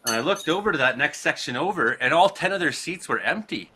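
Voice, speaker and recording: A man from Canada, hosting a casual talk show, telling a rambling, profane story with frequent laughs and acted-out shouted quotes. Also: a little high, expressive, fast, breathy edge. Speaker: podcast host.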